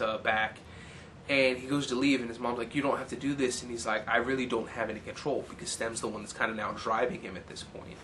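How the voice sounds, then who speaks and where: A man's voice: mid-range voice, fairly bright tone, slight background noise. A man casually retelling a movie plot in a rambling way, full of fillers, briefly acting out characters' lines. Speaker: film recapper.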